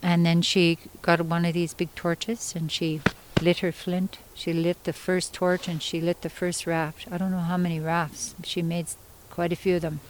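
A woman storyteller from Yukon, Canada, telling a traditional story in an unhurried, conversational way with pauses and asides. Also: on the low side, little pitch movement, a little hiss or hum, low-quality recording. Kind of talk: oral storytelling.

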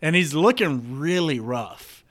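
A man's voice: on the high side, expressive, measured pace, fairly bright tone. A man casually spinning an improvised comedy story, rambling with many fillers.

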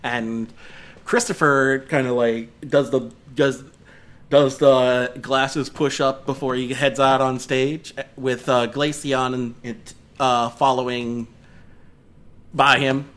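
A man's voice: medium pitch, flat delivery, slow, a bit bright. Rambling game master man. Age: 30s. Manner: rambling, full of fillers and restarts. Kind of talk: narrating a tabletop game.

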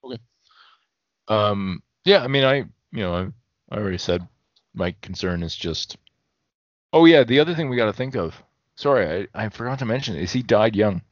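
A man's voice: on the low side, lively intonation, normal speed, long pauses, no room sound, lo-fi sound. A man co-hosting a podcast in casual chat, thinking aloud and correcting himself as he goes. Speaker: podcast co-host.

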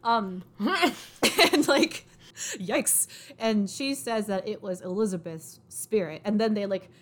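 A woman's voice: mid-range voice, takes it slowly. A woman casually recapping a story in a chatty way, full of fillers like "like" and "um" and frequent laughs. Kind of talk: casual plot summary.

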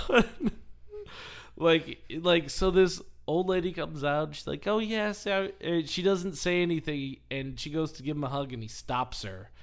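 A man hosting a podcast, telling a story in casual chat and acting out the quotes. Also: a little high. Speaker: podcast host.

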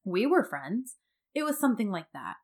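A woman voicing a young female drama heroine, halting and stumbling over her words. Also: medium pitch, sing-song, creaky. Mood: flustered.

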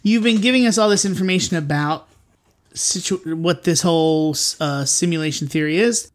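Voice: medium pitch, normal speed. A podcast host chatting casually and jokingly with a co-host, often rambling and correcting themself mid-sentence. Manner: playful, jokey, rambling with self-corrections. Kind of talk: casual comedic podcast chat.

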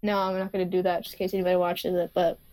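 A woman's voice: lowish voice, little pitch movement, very fast, a little mellow, no room sound. A woman in casual chat, bluntly giving strong opinions.

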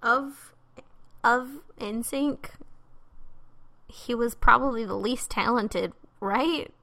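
Woman co-host, slightly high voice, dry teasing asides. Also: slow, vocal fry, sharp tone. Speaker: podcast co-host. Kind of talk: casual chat.

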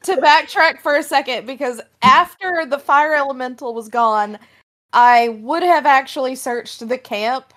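A woman playing in a tabletop game, chatting quickly and laughing with her group. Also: sits high, fairly bright tone. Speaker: player. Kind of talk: casual tabletop play.

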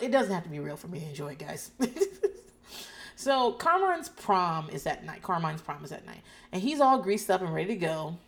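Sardonic, foul-mouthed woman recapping TV. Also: fairly low pitch. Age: adult parent. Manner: sardonic, profane, laughs often. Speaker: podcast host. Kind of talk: casual reality TV recap.

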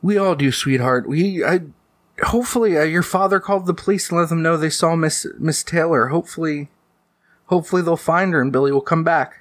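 A soft, reassuring mother, pitched noticeably above the man's usual voice, as a man puts her on. She speaks gently and coaxingly to her child. The sound is dry and close. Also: brisk, no room sound, close to an everyday voice. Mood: soothing. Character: caring mother soothing her young son.

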